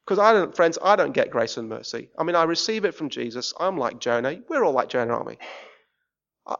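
Male English preacher, very animated, ranting then pleading, muffled church recording. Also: mid-range voice. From England. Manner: swings from shouting rants to quiet pleading. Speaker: visiting preacher. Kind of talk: sermon.

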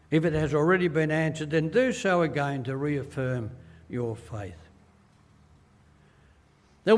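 An older man with an Australian accent preaching a sermon as pastor, slow and earnest, acting out quoted voices as he tells stories. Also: on the high side, big-room sound.

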